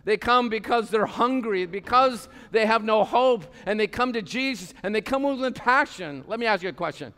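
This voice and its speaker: A man preaching a passionate sermon as pastor of a church, swinging between loud calls and quiet asides. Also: sits high, lively intonation, moderate pace, hardly any pauses. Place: church sanctuary. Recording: long hall reverb.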